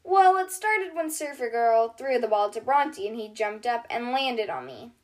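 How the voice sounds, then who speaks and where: A woman's voice: fairly high pitch, sing-song, measured pace, a little mellow. A woman voicing a sore, complaining little toy in a children's storybook reading. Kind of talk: storybook read-aloud for kids.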